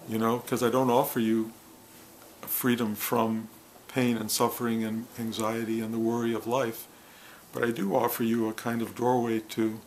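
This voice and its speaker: Guy giving a heartfelt spiritual talk to a crowd, slow halting phrases, mid pitch, a little room hiss. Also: poor audio. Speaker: spiritual teacher. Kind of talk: reflective spiritual talk to a gathering.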